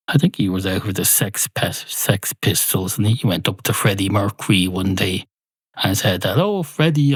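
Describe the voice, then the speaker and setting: A man with an Irish accent delivering a rambling, mock-indignant comic monologue as a podcast host, swearing freely and jumping in pitch. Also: no room sound. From Ireland.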